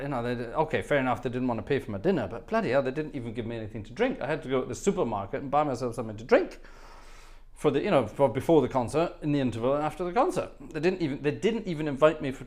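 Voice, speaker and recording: A man's voice: mid-range voice, expressive, fast, darkish tone. A man from Scotland, hosting an organ livestream, chatting casually and telling anecdotes while reading viewer comments.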